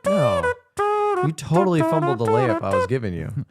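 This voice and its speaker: A man's voice: mid-range voice, sing-song, fast, loud music behind the voice. A man co-hosting a podcast, bantering and teasing playfully in casual chat about a movie. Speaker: podcast co-host.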